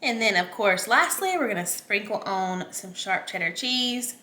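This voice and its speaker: A woman's voice: medium pitch, expressive, a little slow, bright, forceful tone. A woman with a Southern US accent, hosting a casual cooking tutorial from her home kitchen in a chatty, folksy way. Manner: chatty, folksy, addresses viewers as y'all. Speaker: home cook host.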